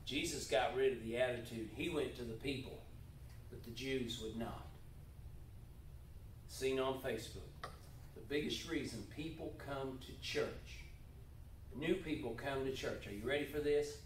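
A man preaching a sermon as pastor, folksy and animated, with jokey asides and repeated words. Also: medium pitch, unhurried, slight background noise. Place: church sanctuary. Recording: echoey church hall, mic at distance.

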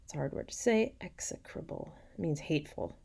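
A young woman lecturer reading a classic novel aloud, stopping to paraphrase the lines in casual, slangy asides and whispering quick side remarks. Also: sits low, animated, gravelly, warm tone, breathy edge. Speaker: literature lecturer.

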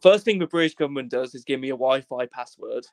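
A man's voice: mid-range voice, fast, gravelly, no room sound. A young man from Wales, a podcast guest telling a rambling, jokey story in casual chat, swearing freely and acting out the voices of the people in it. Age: young adult.

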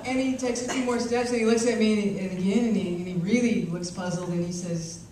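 A woman's voice: medium pitch, fairly quick, dark tone, a little hiss or hum. A woman giving a keynote speech at a conference, telling a wry, self-mocking story. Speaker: keynote speaker. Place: large hall, conference. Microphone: small camcorder far off. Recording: echoey hall, far from camcorder.

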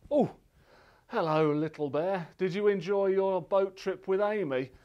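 A man's voice: high-pitched, moderate pace, smooth, muffled recording. A male librarian leading a children's singalong storytime, speaking in a playful, sing-song way to a toy bear and young viewers. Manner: sing-song, animated, playful voice for little kids.

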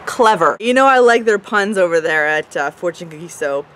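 A woman's voice: lowish voice, lively intonation, moderate pace, a bit bright, slight background noise. A woman giving a goofy, bubbly product review and swearing casually. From Canada. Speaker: beauty vlogger.

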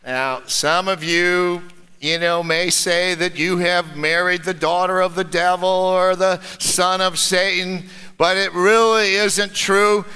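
A pastor preaching an energetic sermon and leading the congregation in call-and-response. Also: male voice, high-pitched, slow, clear, resonant tone. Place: church sanctuary. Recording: long church hall reverb.

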